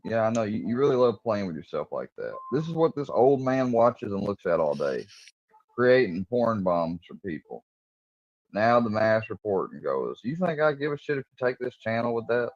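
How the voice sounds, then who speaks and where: A man's voice: fairly low pitch, very animated, moderate pace, dry recording. Combative, mocking man on a stream. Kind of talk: heated livestream argument. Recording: dull lo-fi stream audio.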